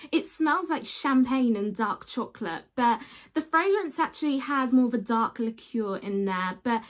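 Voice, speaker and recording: A woman's voice: a little high, lively intonation, moderate pace. A young woman in her twenties chatting to her viewers in a gushing, casual vlog review of perfumes.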